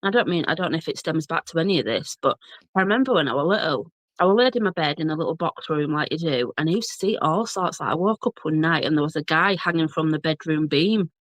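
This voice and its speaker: A woman's voice: low voice, animated, fast talker, no echo. A woman in her thirties with a broad Yorkshire accent, a chatty guest who laughs often and tells ghost stories from her childhood. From Bradford, Yorkshire, England. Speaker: guest, blogger and journalist. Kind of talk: casual storytelling chat.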